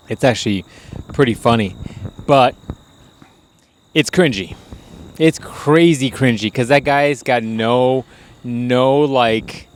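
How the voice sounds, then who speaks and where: Profane rambling podcast host, a man. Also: medium pitch. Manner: rambling, profane, laughing storyteller. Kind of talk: casual chat.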